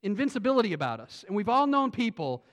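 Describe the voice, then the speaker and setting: A pastor preaching an earnest sermon that builds to emphatic points. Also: male voice, high-pitched, big pitch swings, fast. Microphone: phone on pulpit.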